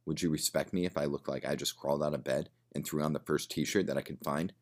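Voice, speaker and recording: A man's voice: a bass voice, steady tone, fast talker. A man voicing a prickly, well-off woman who answers defensively in a bar. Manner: defensive, sharp retorts.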